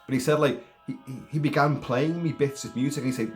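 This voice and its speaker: A man talking casually about a film, rambling in an animated way with many restarts and put-on voices. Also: mid-range voice, fast talker, soft background music. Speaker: film commentator.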